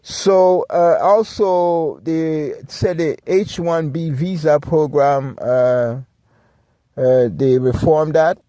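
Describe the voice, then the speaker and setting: A man's voice: a little high, takes it slowly, mellow, no room sound, clean studio sound. Agitated rambling male podcast host. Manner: agitated, rambling, many restarts and asides. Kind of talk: ranting solo commentary.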